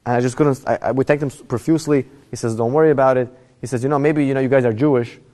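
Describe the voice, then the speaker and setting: A man's voice: mid-range voice, fairly even intonation, racing, warm tone. A young adult man telling a personal story in a Torah class, his voice rising as the story gets tense. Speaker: rabbi giving a Torah class. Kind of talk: storytelling lecture.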